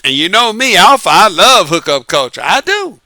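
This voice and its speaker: Male vlogger, high, sharp and clean voice, dry close sound, laughs through a loose slangy rant. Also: very animated, moderate pace, no room sound. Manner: laughs often, uses Southern-flavored slang. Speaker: online commentary host. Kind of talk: casual monologue to viewers.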